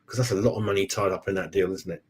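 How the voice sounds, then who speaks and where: Hosting a live stream for his football fan channel, this man keeps the chat rambling and easygoing, laughs a lot, and calls viewers mate. His low-pitched, husky voice moves very fast.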